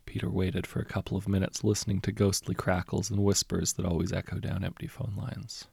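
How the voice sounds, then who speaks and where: A man reading a short story aloud as narrator, in a measured, understated storytelling manner. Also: deep voice, level tone, gravelly, darkish tone, husky, no room sound, studio quality. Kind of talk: scripted audiobook narration.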